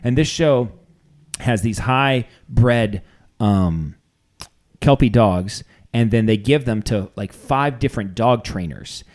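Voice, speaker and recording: A man in easy, comic podcast chat who rambles through stories and restarts. He keeps a mid-range voice and slips in deadpan jokes at his own expense. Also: mid-range voice, takes it slowly. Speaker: podcast co-host. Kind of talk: casual comedic chat.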